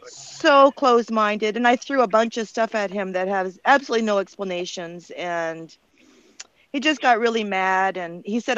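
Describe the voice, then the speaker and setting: A woman's voice: mid-range voice, moderate pace, fairly bright tone, clear, resonant tone, no echo. An older woman from Canada, telling a long story on a group video call in an earnest, rambling way with many fillers. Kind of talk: casual online group call. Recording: dull, dry, lo-fi call audio.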